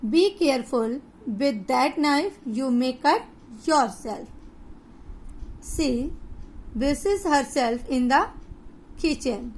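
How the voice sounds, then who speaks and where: Her voice sits high with a darkish tone and an animated delivery as this Indian-English-accented woman teaches grammar online, moving slowly and deliberately with pauses.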